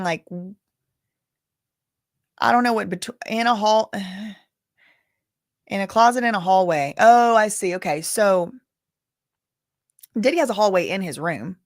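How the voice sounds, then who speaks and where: A woman's voice: mid-range voice, no echo, clean studio sound. A woman giving casual live-stream commentary, reading news updates aloud with chatty asides, sounding tired. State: tired, yawning.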